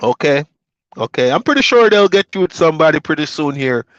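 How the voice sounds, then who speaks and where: Trucker vlogger, a man from Jamaica, fairly high voice, easygoing rambling chat, dry dull recording. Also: fairly quick, dry recording. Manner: relaxed, rambling storytelling with fillers. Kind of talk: casual chat to viewers.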